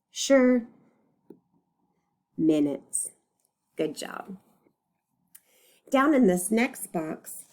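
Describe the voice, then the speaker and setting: Slow, patient woman teaching reading. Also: medium pitch, mellow. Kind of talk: reading lesson for young children. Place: recorded lesson video.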